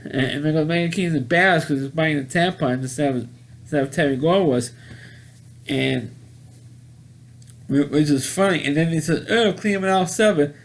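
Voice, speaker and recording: A man casually recapping a movie plot, rambling and halting with many restarts and repeated words. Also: a little high. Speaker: movie reviewer.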